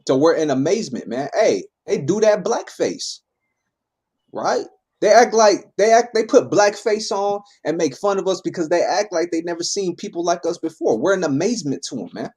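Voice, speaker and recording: A man leading a Bible class, reading verses and explaining them in a relaxed, conversational way. He keeps checking in with his listeners by tagging his lines with "man" and "right?". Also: high-pitched, normal speed, slightly rough. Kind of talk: informal scripture teaching.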